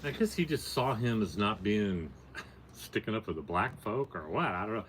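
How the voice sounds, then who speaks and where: This older podcast guest has a voice on the low side and a moderate pace, and a little hiss or hum can be heard. His long story comes across as casual, plainspoken, and matter-of-fact, with animated high points.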